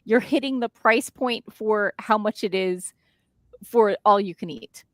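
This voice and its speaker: A woman's voice: medium pitch, unhurried, dry recording. A woman co-hosting a casual livestream from her desk at home, chatting and reading out viewer comments. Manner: chatty, reads out viewer comments, frequent restarts. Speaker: stream co-host. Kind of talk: casual chat on a co-working livestream. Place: home living room desk.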